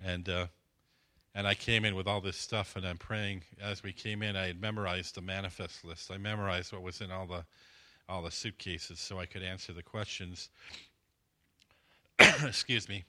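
A man's voice: deep voice, fairly even intonation, normal speed, sharp tone. A man preaching, telling a story and acting out the dialogue, with a dry throat. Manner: storytelling, acts out dialogue with voice swings. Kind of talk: sermon testimony.

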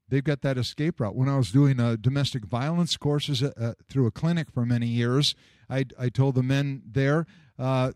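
A man preaches a sermon in a medium-pitched, darkish voice, recorded clean in a studio with no echo. He tells stories, acting out the voices in them and chuckling at his own jokes.

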